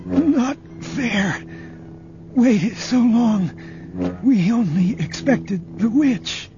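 A man voicing a dying, wounded enemy soldier who speaks in halting, broken phrases, tearful and delirious. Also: very high-pitched, expressive, voice pushed up, exaggerated voice. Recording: dull audio under loud music.

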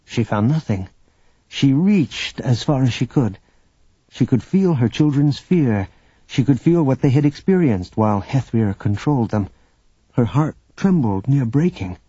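Male audiobook narrator; even, measured reading, husky voice, lo-fi recording. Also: mid-range voice, no room sound. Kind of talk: scripted narration.

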